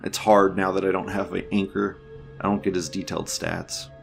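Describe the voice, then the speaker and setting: A man's voice: sits low, flat delivery, moderate pace, gravelly, soft background music. A man hosting a podcast, casually reading forum posts aloud with crude jokes and frequent laughter. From United States. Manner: crude, joking, laughs often. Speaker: podcast host.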